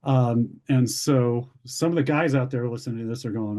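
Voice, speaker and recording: Mellow-voiced man telling a personal story. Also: mid-range voice, expressive, normal speed. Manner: candid storytelling, acts out quoted voices, occasional laughs. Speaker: ministry founder sharing his story. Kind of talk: personal testimony.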